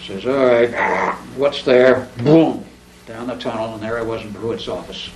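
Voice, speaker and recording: A man's voice: medium pitch, measured pace, crowd noise. A man casually telling a long, rambling personal story in a living-room chat, acting out the dialogue as he goes. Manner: rambling, animated, acts out quoted dialogue. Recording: roomy, distant mic, faint background noise.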